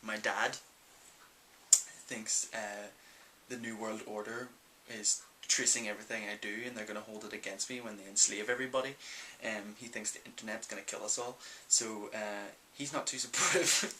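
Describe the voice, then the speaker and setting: A young Northern Irish man chats through viewer questions in a loose, rambling way, with plenty of ums. His voice is low-pitched but very bright and forward. A faint hiss sits under the recording. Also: steady tone, moderate pace, low-quality recording. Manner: chatty and rambling, many ums. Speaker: vlogger. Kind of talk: casual Q&A vlog.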